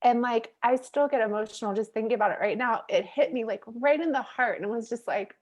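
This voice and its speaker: A woman guest on a podcast interview, telling a candid personal story in an animated, chatty way full of "like" and "you know", laughing easily as she goes. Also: a little high, brisk, few pauses. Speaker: guest, mindset coach and facilitator.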